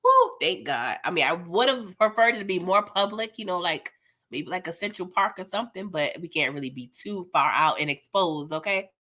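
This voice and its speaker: A young woman hosting a live TV episode recap, animated and slangy, laughing often as she reacts. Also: on the low side, a little fast. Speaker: TV recap host.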